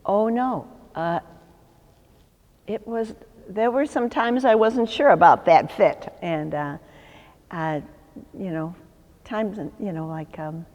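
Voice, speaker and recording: In an oral history interview, a religious sister in her sixties from Chicago, USA, tells stories in a low, deep voice, slipping into the voices of people she quotes and laughing often. The recording has a long, hall-like reverb and a slightly mellow, lo-fi sound.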